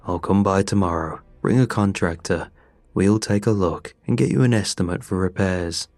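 A man's voice: fairly low pitch, expressive, takes it slowly, creaky, a little mellow, no room sound, heavily acted. A man voicing a greedy middle-aged landlord who talks down to people and cuts them off. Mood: smug. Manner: chipper, condescending, cuts people off.

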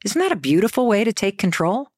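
Energetic woman giving a motivational talk. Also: mid-range voice, quick pace, dry recording, clean studio sound. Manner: energetic, coaching tone with rhetorical questions.

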